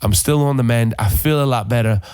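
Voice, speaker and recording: A man co-hosting a podcast, hoarse from a recent flu, telling stories in casual chat. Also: medium pitch, brisk, darkish tone. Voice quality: gravelly. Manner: storytelling, joking. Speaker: podcast co-host.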